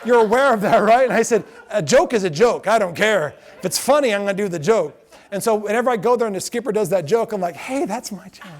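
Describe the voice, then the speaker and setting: A middle-aged man giving a lecture to a class, telling lively anecdotes and acting out the quotes. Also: sits high, fast talker. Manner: animated storyteller acting out quotes.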